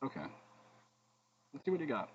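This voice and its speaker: A man's voice: medium pitch, big pitch swings, moderate pace, highs cut off, a little hiss or hum. A man streaming a card game, thinking aloud between plays, humming and muttering, with joking asides to his chat. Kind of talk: casual gameplay commentary.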